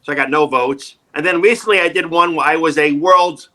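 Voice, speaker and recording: A man's voice: a little high, brisk, poor audio. A man in his sixties, an actor, telling stories in a casual interview and acting out the people in them. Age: 60s. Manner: animated, acts out quoted voices loudly. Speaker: actor guest.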